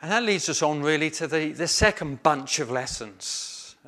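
A man preaching a sermon slowly and emphatically, with some hesitant fillers. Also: a little high, lively intonation, bright, forceful tone.

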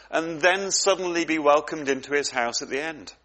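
A man's voice: on the high side, brisk, few pauses, pushed and bright. A man preaching a sermon, earnest and reflective, often repeating words as he goes.

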